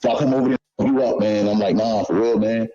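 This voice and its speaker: A man's voice: lowish voice, steady tone, fast talker, warm tone. A man telling stories in a casual, swearing, repetitive street-talk manner. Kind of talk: casual storytelling. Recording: dull lo-fi clip audio.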